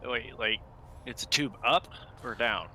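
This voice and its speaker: A man's voice: medium pitch, a little slow, bright, forceful tone, slight background noise. A man playing a tabletop game, talking casually in character and muttering his moves. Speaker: player. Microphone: home microphone on a live stream.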